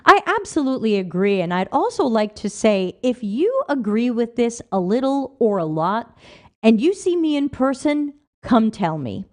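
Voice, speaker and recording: A woman's voice: fairly high pitch, big pitch swings, moderate pace, a little mellow. A woman hosting a livestream, reading viewer comments aloud and answering them with emphatic rhetorical questions. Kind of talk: casual livestream talk.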